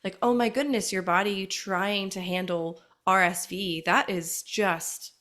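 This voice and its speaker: Woman, podcast host, sympathetic interviewer, middle pitch, casual. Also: steady tone, a little slow, a bit bright. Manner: sympathetic, encouraging questions.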